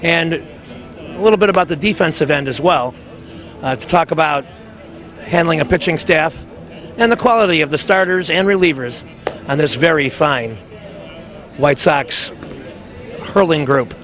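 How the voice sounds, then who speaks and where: A man's voice: on the high side, measured pace, long pauses, a bit bright. A man hosting a sports talk show, reading local ads in a chatty, upbeat way.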